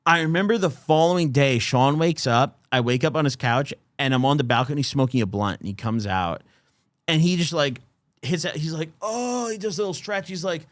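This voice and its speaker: A man's voice: medium pitch, normal speed, no echo. A young man in his twenties, a podcast host telling a story in a casual, profane way. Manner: animated, profane, heavy use of "like".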